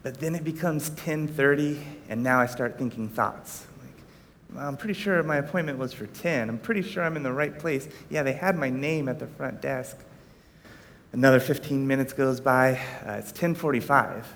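A man's voice: moderate pace, fairly bright tone. A man preaching a sermon, telling a personal story with frequent self-deprecating chuckles. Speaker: pastor. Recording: reverberant hall, faint rumble.

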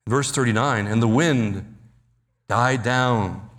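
A man preaching a sermon, dramatically acting out Bible quotes and slowing down to stress key words. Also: medium pitch, a bit bright, long reverb tail. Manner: dramatic, acts out Bible quotes, slows for emphasis. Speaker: pastor.

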